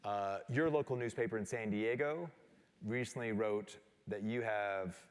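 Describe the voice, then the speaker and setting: Brief: male moderator, low voice, measured and explanatory, long hall echo. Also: clean tone. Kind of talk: moderated panel interview. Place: large event hall on stage.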